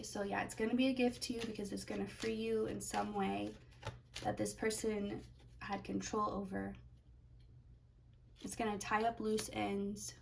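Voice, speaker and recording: A woman's voice: medium pitch, creaky, distant mic, a little hiss or hum, poor audio. A woman giving a pick-a-card tarot reading, talking in a rambling way as she searches for words. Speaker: tarot reader.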